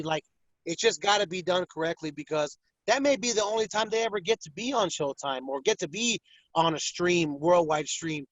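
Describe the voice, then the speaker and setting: Lively boxing ring announcer, dull dry audio. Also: male voice, sits high, moderate pace, dry recording. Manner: animated storyteller, acts out fighters' voices. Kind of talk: casual interview talk.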